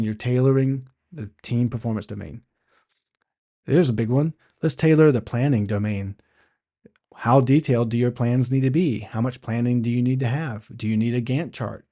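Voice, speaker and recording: On his instructional podcast, the host teaches in a chatty style, tossing out rhetorical questions and often beginning phrases over again. He speaks at a medium, mellow pitch.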